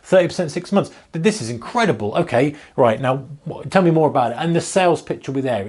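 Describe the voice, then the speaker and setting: A man's voice: medium pitch, darkish tone. A man with a British accent, a trading educator, talking viewers through a topic in a casual, emphatic, direct way. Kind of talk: casual explainer to camera.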